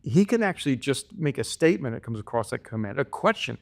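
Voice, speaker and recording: Male interview guest, lively anecdotal storyteller who laughs through his stories. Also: medium pitch, quick pace, creaky. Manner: animated, laughs often while telling stories. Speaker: podcast guest, author. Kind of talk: conversational storytelling.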